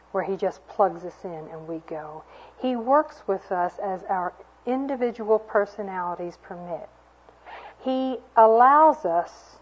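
A woman's voice: medium pitch, slightly rough. A woman giving an earnest, storytelling sermon to a women's gathering, with homely asides. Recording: dull lo-fi recording.

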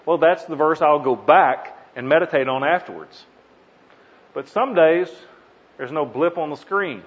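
A man delivering a teaching sermon in an earnest voice that sits a little high for a man. He stresses single words with sudden emphasis. The recording sounds dull and lo-fi. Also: husky. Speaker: preacher. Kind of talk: teaching sermon on Bible meditation.

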